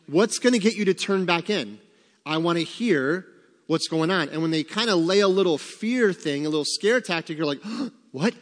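A man's voice: on the high side, long reverb tail. A man leading a church group in casual devotional talk, acting out his own worried voice in quotes. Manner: animated, acts out quoted worries.

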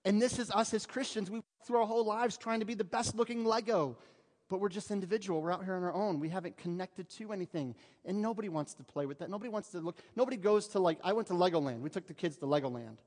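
A man's voice: sits high, fast, darkish tone. A male pastor preaching a sermon to his congregation in a conversational way, with humorous asides. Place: church sanctuary. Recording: long hall reverb.

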